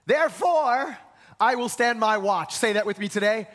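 Preacher guy in church, real high bright voice, punchy and repeats himself a lot. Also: animated, normal speed. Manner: emphatic, repeats words, asks the congregation to respond. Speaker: pastor. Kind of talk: sermon.

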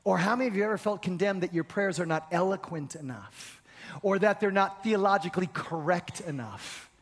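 Male pastor, very high voice, energetic preaching with call-outs to the room, long reverb. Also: a little fast. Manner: emphatic, repeats phrases, asks the congregation questions, occasional shouts. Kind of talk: sermon.

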